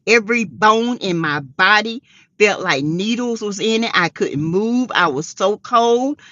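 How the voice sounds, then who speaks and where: A middle-aged woman hosting a casual livestream chat, greeting viewers by name and breaking into high excited exclamations. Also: a little slow, dry recording, dull audio. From South Carolina. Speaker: livestream host.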